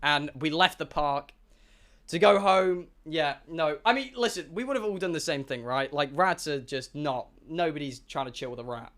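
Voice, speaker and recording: A young man tells a rambling story to his stream chat, animated and full of swearing. His voice sits high with a crisp, bright edge, and he piles up fillers as he goes. It sounds like a loose, casual live stream. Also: normal speed.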